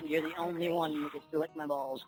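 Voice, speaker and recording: A man in crude teasing phone banter, sheepish and defensive, laughing often. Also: fairly high pitch.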